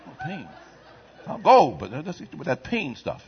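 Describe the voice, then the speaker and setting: Husky high-voiced preacher, lively delivery. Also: male voice, a little slow, highs cut off, some chatter behind. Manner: call-and-response preaching, swings from quiet to shouting. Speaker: pastor. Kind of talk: sermon. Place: church sanctuary.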